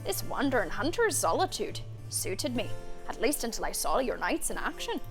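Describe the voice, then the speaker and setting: A proud lone hunter with a put-on Irish lilt, a man who likes to talk about himself, as a woman puts him on for a game. The voice sits a little high for a man and comes across smooth and self-assured. Faint music plays behind it. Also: very animated, moderate pace. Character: proud lone male hunter, boastful wanderer. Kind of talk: reading game dialogue aloud.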